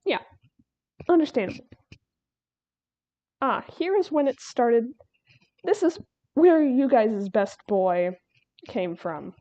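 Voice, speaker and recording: A woman's voice: a little high, animated, takes it slowly, pauses often, warm tone, dry recording, highs cut off. A woman streaming while she draws, chatting casually in a rambling way, laughing and restarting her sentences. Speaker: artist streamer.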